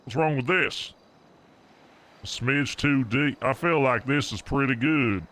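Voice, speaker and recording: Slow-talking young streamer muttering. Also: male voice, mid-range voice, a bit bright. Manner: muttering to himself while testing settings. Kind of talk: casual livestream chat.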